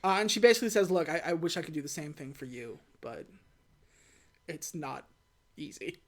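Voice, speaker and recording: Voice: medium pitch, expressive, normal speed, fairly bright tone. A podcast co-host casually recapping a film plot, quoting the characters in an offhand way. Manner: retells scenes by quoting characters in a loose, offhand way.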